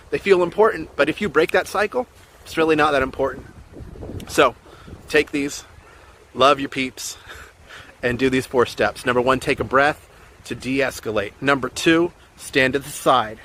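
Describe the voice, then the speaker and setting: A man's voice: medium pitch, fairly bright tone, slight background noise. A man giving an earnest, encouraging coaching talk on relationships, repeating his key points as he goes. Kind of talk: motivational coaching talk to camera.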